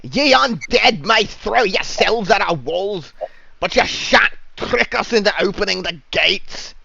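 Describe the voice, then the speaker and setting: A man voicing a gruff male guard who shouts down from a city wall in archaic speech, on a dull lo-fi recording. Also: high voice, animated, measured pace, a little hiss or hum, pitched above the performer's own voice, exaggerated voice. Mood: defiant shouting. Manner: bellowing archaic defiance.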